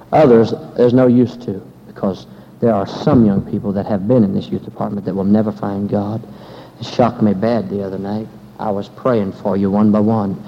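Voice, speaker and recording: Hellfire preacher on a dull old tape. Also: male voice, on the low side, flat delivery, normal speed, big-room sound. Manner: swings from hushed to loud emphatic preaching. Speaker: pastor. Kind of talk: fiery revival sermon. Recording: dull lo-fi recording with faint hiss.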